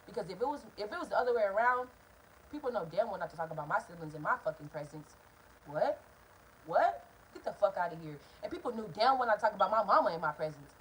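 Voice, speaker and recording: A young woman telling a story to her viewers, animated and profane, talking straight to the camera. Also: mid-range voice, rapid-fire, a little hiss or hum, low-quality recording. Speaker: vlogger. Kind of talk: casual storytime vlog.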